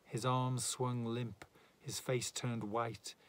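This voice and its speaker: A man reading a narrative poem aloud in a measured, dramatic way. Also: mid-range voice, little pitch movement. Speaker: reader.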